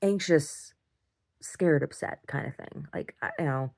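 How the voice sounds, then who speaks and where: Gravelly woman telling a home story. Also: low voice, measured pace. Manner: rambling, animated retelling with acted-out quotes. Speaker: video diarist. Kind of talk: casual storytelling video diary.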